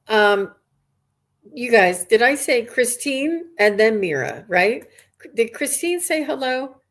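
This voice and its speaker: A woman working as a psychic medium, giving a live reading to viewers in an earnest, rambling way with many restarts. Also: on the high side.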